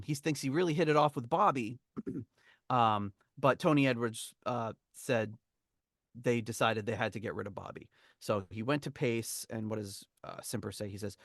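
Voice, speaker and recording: A man's voice: mid-range voice, fairly bright tone, no echo, clean studio sound. A man hosting a podcast, reading from a memoir and telling the story in a rambling, chuckling way. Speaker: podcast host. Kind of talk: casual chat, reading from a memoir.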